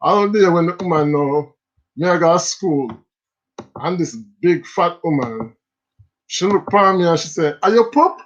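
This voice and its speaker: A man's voice: a little high, normal speed, pauses often. A Jamaican man hosting a casual stream, telling stories in patois and laughing often. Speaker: livestream host. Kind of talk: casual storytelling. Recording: slightly dull lo-fi sound.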